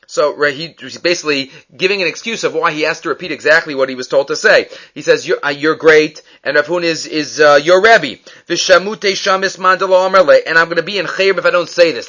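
A man giving a daily Talmud lesson, reading Aramaic text aloud and explaining it in English with lively questions. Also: on the high side. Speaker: Talmud teacher. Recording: dull lo-fi recording.

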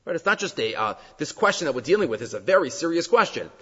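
A man teaching a Talmud lesson in an emphatic, animated way, mixing Hebrew and Aramaic terms into his English. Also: fairly high pitch, fast talker, husky. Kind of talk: Talmud study lecture. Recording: dull sound with long reverb.

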